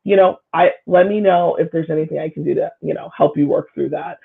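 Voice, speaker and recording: A woman's voice: low-pitched, fairly even intonation, brisk, vocal fry, slightly rough. A woman guest talking through community issues in a thoughtful, searching way, with plenty of fillers and restarts. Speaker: guest, local official and school staff. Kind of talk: casual conversation. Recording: phone-line quality.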